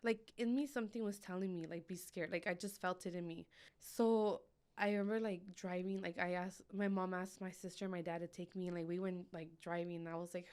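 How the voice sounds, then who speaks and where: A woman's voice: mid-range voice, fairly even intonation, fairly quick, a little mellow, clean tone. Woman guest, mid-range voice, emotional personal storytelling, casual fillers. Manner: emotional, filler-heavy retelling. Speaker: podcast guest.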